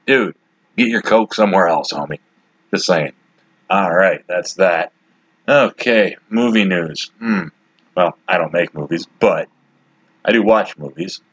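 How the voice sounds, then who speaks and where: Low, husky blunt-talking man in his forties. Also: no room sound, highs cut off. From Detroit, USA. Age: 40s. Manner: rambling, blunt and opinionated, with frequent asides. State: has the hiccups. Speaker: podcast host. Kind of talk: casual solo commentary.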